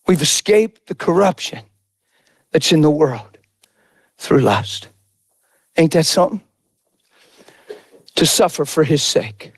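A male preacher delivering an impassioned sermon that swings between shouted lines and soft, intimate asides. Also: a little high, animated, slow, pauses often, husky, no echo.

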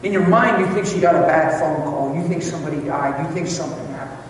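A man's voice: fairly high pitch, quick pace. Preacher man in an echoey hall. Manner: emotional storytelling, acts out voices, swings from loud to hushed. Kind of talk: sermon. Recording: echoey hall from far off, noisy.

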